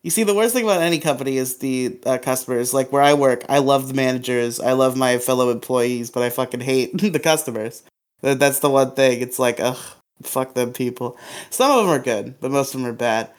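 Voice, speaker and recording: A man's voice: medium pitch, fairly quick. A man co-hosting a podcast, talking casually with crude language and frequent laughter. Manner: crude, laughs often, swears freely. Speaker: podcast co-host.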